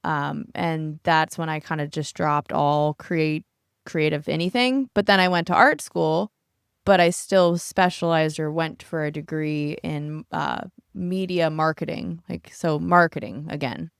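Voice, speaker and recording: A woman's voice: low voice, a little slow, creaky, clean tone, no room sound, clean studio sound. A woman co-hosting a podcast on a yacht, chatting casually and acting out quotes with laughs. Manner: animated storytelling, acts out quotes, laughs often. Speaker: podcast co-host and photographer. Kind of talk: casual chat. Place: aboard a family yacht.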